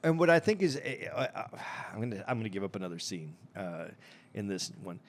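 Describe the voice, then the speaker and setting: Animated middle-aged man, stumbling storyteller. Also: lowish voice, fairly quick, a little hiss or hum. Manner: animated storyteller, repeats words, acts out movie lines. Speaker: podcast co-host. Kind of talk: casual chat.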